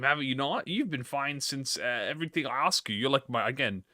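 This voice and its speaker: A man's voice: medium pitch, expressive, fairly quick, pushed and bright, no room sound, clean studio sound. A man livestreaming, chatting casually with viewers and reading a story aloud, stuttering and restarting often. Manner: encouraging, talks to chat with slang.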